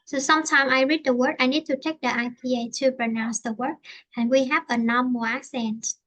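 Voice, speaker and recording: A woman's voice: high voice, steady tone, brisk, fairly bright tone. A woman with a Vietnamese accent teaching an English lesson, switching between Vietnamese and English and explaining with many fillers and restarts.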